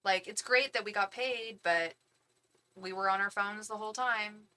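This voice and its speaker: A woman hosting a live tarot stream, telling a story in casual, animated chat, acting out what people said and swearing as she vents. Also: mid-range voice, moderate pace.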